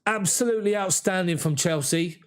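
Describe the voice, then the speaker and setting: A man giving emotional, excited live fan commentary on a match. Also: high-pitched, normal speed, clear, resonant tone.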